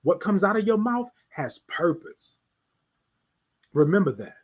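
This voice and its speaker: A man with a high, husky voice hosts a live stream from his home. His pitch swings widely as he preaches, circling back to the same rhetorical questions again and again. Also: very animated, unhurried. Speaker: host of a live talk stream. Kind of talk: motivational live-stream talk.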